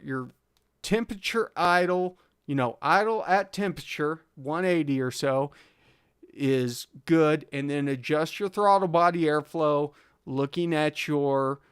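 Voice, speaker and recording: A man chats easily on a live stream, answering viewer questions in a relaxed, rambling way and chuckling often. His voice sits a bit high for a man. The sound is close and dry, with no room echo. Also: clean tone. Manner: laid-back, chuckling often, reads chat aloud. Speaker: host of a live car tuning stream. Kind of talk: casual live stream chat.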